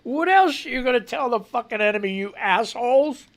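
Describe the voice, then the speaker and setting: A man's voice: very high-pitched, expressive, a little fast. A man hosting a live radio show, reading news stories aloud and mocking them with sarcastic, profane commentary; his voice is a bit off. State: voice not quite right.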